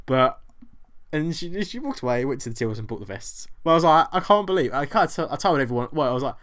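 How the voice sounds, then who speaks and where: A young British man, a vlogger, telling a story in a lively way, acting out both sides of the exchange and swearing freely. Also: medium pitch, a little fast. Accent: British English. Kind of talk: storytelling vlog.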